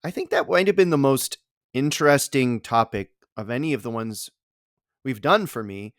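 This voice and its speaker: A man co-hosting a podcast who talks excitably and swears casually in relaxed chat. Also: mid-range voice, normal speed, dry recording, clean studio sound. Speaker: podcast co-host.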